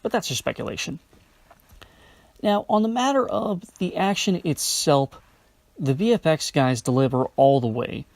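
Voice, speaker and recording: Dry, close-miked film reviewer. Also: male voice, a little high, expressive, moderate pace, vocal fry, darkish tone, dry recording. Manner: enthusiastic, wry asides.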